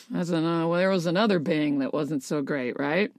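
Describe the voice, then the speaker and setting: A woman's voice: low voice, brisk, darkish tone, dry recording, studio quality. A woman co-hosting a comedy podcast, playful and mock-indignant, laughing a lot. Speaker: podcast co-host. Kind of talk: casual comedic chat.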